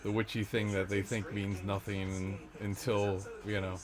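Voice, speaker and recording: Rambling male vlogger with a lowish voice, talks in loose restarts, crowd noise behind. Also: little pitch movement, unhurried. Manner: rambling, trailing off, frequent fillers and self-restarts. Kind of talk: rambling casual monologue. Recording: background crowd chatter.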